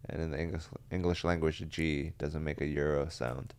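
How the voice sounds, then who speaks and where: Deep, smooth-voiced joking podcast man. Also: little pitch movement, moderate pace, dry recording. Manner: joking, drops into mock voices. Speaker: podcast co-host. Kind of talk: casual chat.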